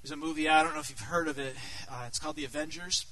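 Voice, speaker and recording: A middle-aged male pastor with a high, bright, piercing voice delivers an earnest sermon. He drops to soft, quiet passages and then climbs to loud, emphatic peaks. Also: steady tone, rapid-fire, poor audio.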